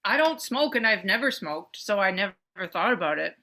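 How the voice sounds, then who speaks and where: A woman in her thirties co-hosting a podcast, chatting casually and animatedly, swearing and swinging her pitch. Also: fairly quick. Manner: animated, swearing, jumps between pitch levels. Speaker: podcast co-host. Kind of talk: casual chat.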